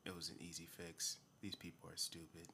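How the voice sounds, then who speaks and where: A man putting on the voice of a smug young male hacker, speaking in a flat, quiet monotone. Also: low-pitched, fairly quick, slight background noise, pitched below the performer's own voice, full character voice. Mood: smug deadpan.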